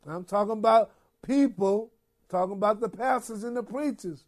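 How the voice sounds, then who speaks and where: A man's voice: high voice, normal speed. A man preaching a sermon, reading Bible verses aloud and exhorting the listeners with repeated phrases and questions.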